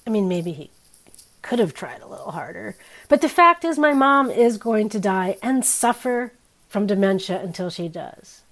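A woman in her fifties preaching a sermon in a candid, wry, conversational way, her pitch and loudness swinging widely. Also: expressive, moderate pace.

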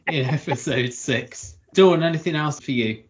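A man's voice: fairly high pitch, lively intonation, a little slow, faint music behind. A man hosting a podcast, steering the conversation with questions to his guests. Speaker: podcast host. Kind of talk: casual chat.

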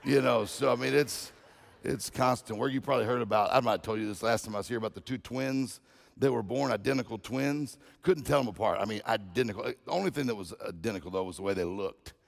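A man's voice: mid-range voice, fast, gravelly. A man giving a guest sermon on gratitude, telling jokes and personal stories and often repeating phrases. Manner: joking, anecdotal, repeats phrases. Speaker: guest speaker. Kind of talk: humorous sermon storytelling.

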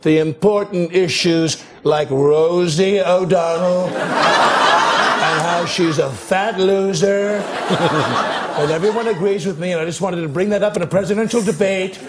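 A man's voice: sits high, unhurried, very noisy. An actor playing a boastful, rambling male tycoon politician in a live TV comedy sketch, with audience laughter around him. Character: bragging blustery male tycoon politician, middle-aged. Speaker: debate candidate in a sketch.

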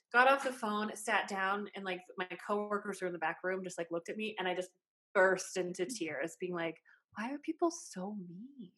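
A woman in her late thirties with a fairly low voice, talking casually as a salon owner. She tells stories in a chatty way, peppered with "like"s. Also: a bit bright. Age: 30s. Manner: chatty storytelling, many "like"s. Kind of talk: casual podcast chat.

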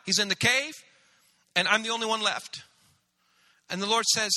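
Bright, high-voiced preaching man in a hall. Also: normal speed, pauses often. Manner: animated preaching, acts out biblical voices. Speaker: pastor. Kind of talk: sermon. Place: church sanctuary. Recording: church hall reverb.

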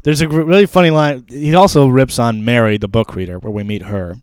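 Animated man in casual book chat. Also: mid-range voice, a little fast, smooth, no room sound. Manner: animated, laughs often, acts out quotes.

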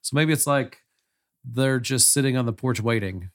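A man's voice: mid-range voice, normal speed. A man chatting casually, rambling hesitantly with many "like" fillers. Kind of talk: casual chat.

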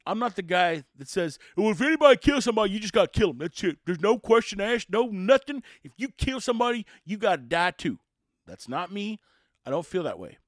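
A dog trainer delivering a forceful monologue, with a high, lively voice that swings widely in pitch. He stresses his points and jumps into little acted quotes. He sounds like someone arguing his case to listeners. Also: no echo, studio quality. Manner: emphatic, acts out quotes in raised voices. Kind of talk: opinionated monologue.

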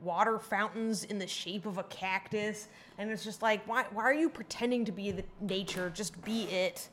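A woman from the Phoenix area, co-hosting a casual chat and talking in a profane, animated and opinionated way. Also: mid-range voice, normal speed, a little hiss or hum. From Phoenix area, Arizona. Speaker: podcast co-host.

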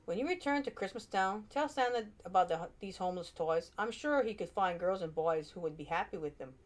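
Brief: solemn toy-island king, read by a woman, slow and kindly. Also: on the low side, lively intonation, lightly acted. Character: stern king of an island of toys.

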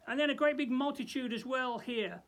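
High-voiced pastor, hesitant. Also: male voice, fairly quick. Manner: hesitant, repeats words often, drops to a soft hush. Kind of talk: daily Bible devotional with closing prayer.

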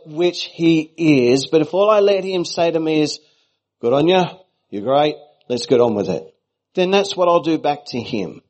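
A man's voice: mid-range voice, darkish tone, rough recording. A middle-aged Australian man giving a sermon as a guest preacher, with playful, chatty asides to the congregation.

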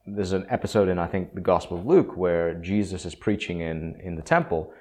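A man's voice: low voice, fairly quick, dark tone. A man hosting a solo podcast on theology, talking in a conversational, opinionated way with fillers and asides. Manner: conversational, opinionated, with frequent fillers and acted quotes. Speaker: podcast host.

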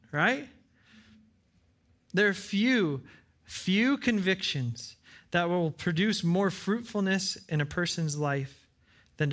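A man's voice: a little high, a bit bright. Earnest man preaching a sermon. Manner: earnest, repeats phrases for emphasis, acts out little dialogues. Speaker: pastor. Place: church with side screens.

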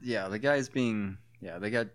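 A man's voice: lowish voice, unhurried. A man co-hosting a podcast, chatting casually about a movie with wry, laughing asides. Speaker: podcast co-host. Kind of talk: casual movie commentary chat.

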